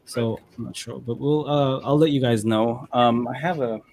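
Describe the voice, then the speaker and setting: The man running this model-building stream speaks at a mid-range pitch with fairly even intonation, over some background noise. His casual chat wanders and stalls, full of restarts.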